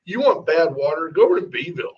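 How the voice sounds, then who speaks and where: A man's voice: a little high, very animated, fast. A man co-hosting a casual morning radio show, joking and dropping into comic voices. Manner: jokey, slips into comic voices. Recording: distant, dull lo-fi sound.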